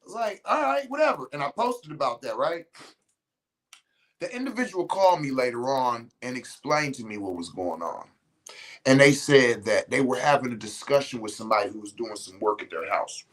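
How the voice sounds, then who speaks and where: A man riffing on his own show in a loose, conversational monologue. He is blunt and profane, leans hard on his points, and stumbles into restarts as he spins anecdotes. His voice sits at a middling pitch. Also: expressive, normal speed, poor audio. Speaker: podcast host. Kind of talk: casual monologue to listeners.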